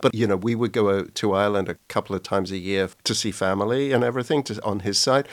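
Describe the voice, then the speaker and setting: A man hosting and narrating, animated and conversational. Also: lowish voice, fast, no room sound. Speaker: interviewer and narrator.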